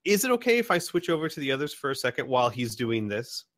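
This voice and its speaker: Lively-pitched man running a tabletop game. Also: fast, dry recording, studio quality. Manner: rambling narration with many fillers. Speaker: game master.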